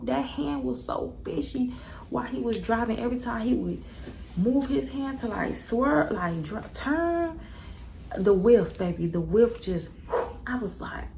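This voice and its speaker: Animated young woman with gravelly fry. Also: medium pitch, slight background noise, low-quality recording. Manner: animated, slangy, talks straight to viewers. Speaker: vlogger. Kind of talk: casual storytime.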